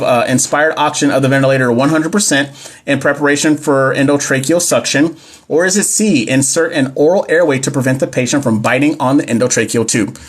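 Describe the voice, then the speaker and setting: A young man, teaching nursing exam questions on a casual livestream and answering viewers' comments as he goes. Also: fairly high pitch. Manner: chatty, reads questions aloud, talks back to viewer comments. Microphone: phone or webcam mic.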